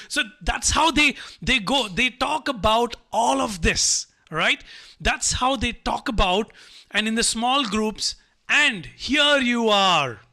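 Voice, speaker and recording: A man's voice: extremely high pitch, animated, a little slow, sharp tone. A man giving a live online motivational talk to students, repeating himself and coaxing the audience to type replies. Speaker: motivational speaker.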